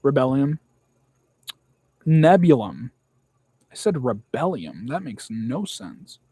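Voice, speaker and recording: A man's voice: medium pitch, big pitch swings, takes it slowly, dark tone, slightly rough, no room sound. A young man in casual chat, blunt and rambling, swearing often.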